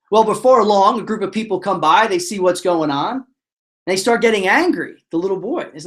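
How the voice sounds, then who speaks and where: A man presenting a motivational webinar, telling stories in a lively way and acting out the voices of the characters. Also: sits high, fairly quick. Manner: animated storyteller, acts out voices. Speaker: motivational speaker.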